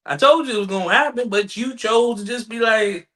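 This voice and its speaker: Bright high-voiced man riffing on a podcast. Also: fairly quick. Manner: preachy riffing, acts out imagined replies. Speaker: podcast co-host. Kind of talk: casual podcast chat.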